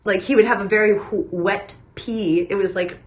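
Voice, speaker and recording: A young woman hosting a nostalgia vlog in a comedic monologue, rambling and animated, full of tangents and filler words. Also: medium pitch, moderate pace. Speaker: host of a nostalgia channel.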